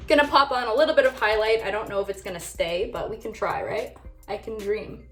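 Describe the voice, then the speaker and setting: A woman's voice: mid-range voice, fairly quick, roomy sound, soft background music. A young woman vlogging casually while doing her makeup, bubbly and chatty with lots of "like" fillers. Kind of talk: casual get-ready-with-me chat.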